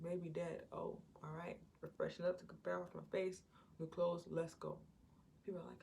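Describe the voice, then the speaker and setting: A woman Christian preacher gives an informal Bible teaching in a lowish, creaky, dark voice, flat in delivery and moderate in pace. She conversationally retells scripture stories and acts out what their characters say. Slight background noise is present.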